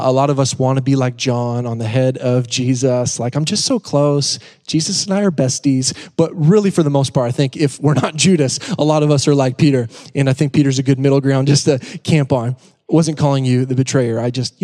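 A man's voice: mid-range voice, dark tone, long reverb tail. A man preaching a sermon to his congregation, casual and joking, repeating key points for emphasis. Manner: conversational, joking asides, emphatic repetition. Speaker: pastor. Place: church sanctuary.

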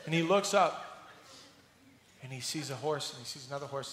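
A man preaching a sermon as pastor, telling the story in an animated, playful way and acting out scenes. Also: mid-range voice, a little fast, pauses often, a little hiss or hum. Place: church sanctuary. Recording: roomy hall reverb.

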